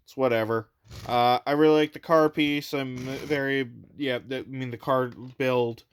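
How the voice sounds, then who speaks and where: A man's voice: medium pitch, fairly even intonation, moderate pace, smooth. A man casually reviewing his toy collection at home, rambling and hesitant, with frequent fillers and restarts.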